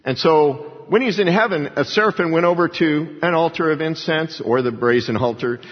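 A man's voice: on the high side, normal speed. A man preaching a sermon in a church, acting out quoted voices with emphatic rises. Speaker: pastor. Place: church sanctuary. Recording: dull lo-fi church recording with long reverb.

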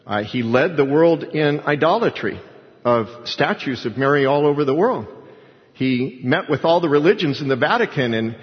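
A man's voice: fairly high pitch, animated, moderate pace. A man preaching a sermon in an emphatic, conversational storytelling way. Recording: dull sound with long hall reverb.

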